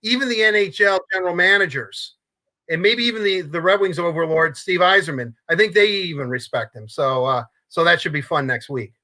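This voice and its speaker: An older man co-hosting a casual sports talk show, rambling and halting with repeated words and fillers. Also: high voice, pushed and bright. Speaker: co-host.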